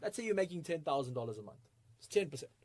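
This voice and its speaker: A man presenting a live online trading masterclass, energetic and full of rhetorical questions, with frequent chuckles. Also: fairly high pitch, rapid-fire, no echo.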